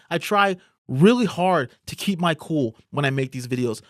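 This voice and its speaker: A man's voice: a little high, big pitch swings, moderate pace, hardly any pauses, fairly bright tone, no echo, studio quality. A man hosting his own political commentary show, delivering a heated monologue full of swearing and angry outbursts.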